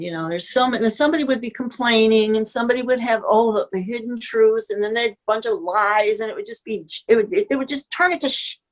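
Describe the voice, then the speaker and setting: A woman in her seventies from the US Midwest, reminiscing in casual conversation as a guest and gushing, often breaking off mid-sentence. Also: fairly high pitch. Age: 70s.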